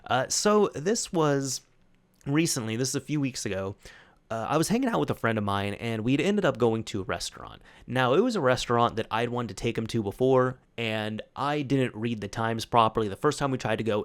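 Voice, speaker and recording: A young man hosting a solo talk show, telling a story casually with many restarts and fillers. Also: mid-range voice. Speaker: host.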